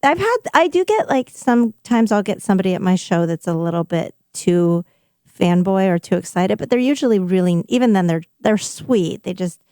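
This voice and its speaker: A woman's voice: mid-range voice, expressive, moderate pace, a little mellow, smooth, no room sound, clean studio sound. A woman who is a musician and podcaster, guesting on a radio show and playing along with easy, giggly answers. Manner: easygoing, giggly, plays along. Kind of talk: casual live radio interview.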